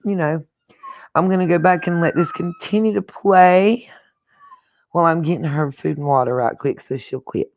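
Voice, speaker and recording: A woman's voice: low-pitched, normal speed. Chatty opinionated woman, dull lo-fi sound. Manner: chatty, opinionated, thinks aloud. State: hiccuping. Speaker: host of a reaction channel. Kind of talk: casual commentary on a played clip.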